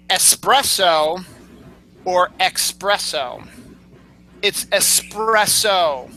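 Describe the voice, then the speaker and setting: A man's voice: high-pitched, pushed and bright, slight background noise, poor audio. A man co-hosting a casual chat, explaining how words are said, chuckling and tripping over his own words. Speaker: co-host.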